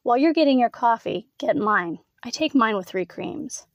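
A woman's voice: on the high side, lively intonation, moderate pace, no room sound, lo-fi sound, lightly acted. A woman voicing a snarky female coworker who teases and mocks. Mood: bossy. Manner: teasing, mocking.

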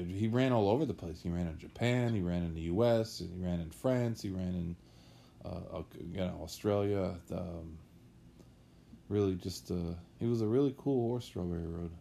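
A man's voice: deep voice, vocal fry, mellow, a little hiss or hum. A man chatting casually on a podcast as a guest, telling rambling, anecdotal stories about horse racing.

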